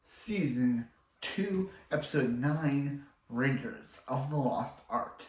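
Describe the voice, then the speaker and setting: A man's voice: medium pitch, animated, slow pace, echoey room, slight background noise, low-quality recording. A man casually recapping a TV episode, rambling and restarting his sentences often as he quotes the characters in passing. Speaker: TV episode reviewer.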